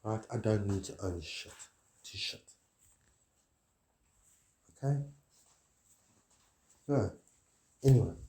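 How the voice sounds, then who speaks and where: A man's voice: on the low side, animated, slow, long pauses, mellow. A man delivering a rambling, grandiose monologue, preachy and swearing often.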